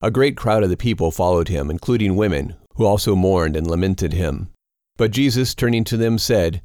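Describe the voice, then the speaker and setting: A man reads scripture aloud in a steady, measured audiobook narration. His voice sits low and deep. The sound is dry and close, with no room around it. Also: dry recording.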